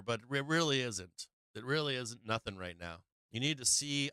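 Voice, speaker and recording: A man's voice: medium pitch, expressive, normal speed, pushed and bright, clear, resonant tone, dry recording. A man hosting a live stock market stream, talking bluntly in casual commentary full of swearing and restarts, often laughing. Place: home live-stream setup.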